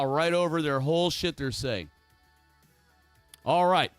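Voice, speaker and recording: Man, livestream host, somewhat high voice, dry close sound, rambling, emphatic, casual chat. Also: a little slow, pauses often, fairly bright tone, clean tone, no room sound, soft background music.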